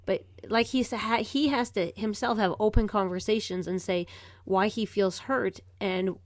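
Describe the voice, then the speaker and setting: A woman in her thirties speaks as a podcast guest in a mid-range voice, soft-spoken and a little hesitant. Her sentences often trail off, and her voice sounds dry and close with no room sound. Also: medium pitch, fairly even intonation, moderate pace, no echo. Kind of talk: casual conversation.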